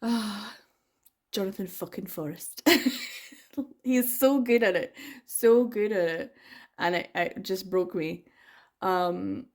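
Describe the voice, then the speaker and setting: A woman's voice: mid-range voice, darkish tone. A woman talking casually as a book vlogger, rambling and enthusiastic, with lots of fillers and laughter. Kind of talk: casual chatty vlog.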